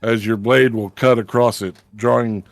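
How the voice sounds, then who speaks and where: A man narrating as game master of a tabletop game, with measured, descriptive narration and casual asides. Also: medium pitch, fairly even intonation, gravelly, no echo, soft background music.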